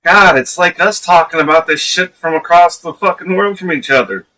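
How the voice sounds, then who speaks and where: A man's voice: a little high, moderate pace, sharp tone, rough recording. A man live streaming his reactions to a clip, talking bluntly and scornfully, with profanity. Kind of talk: casual reaction commentary.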